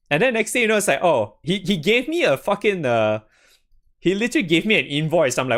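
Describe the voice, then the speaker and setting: A man's voice: fairly high pitch, big pitch swings, fairly quick, a bit bright. A young man chatting casually to his stream audience about games, rambling, swearing freely and laughing often. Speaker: game streamer. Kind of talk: casual gaming stream chat.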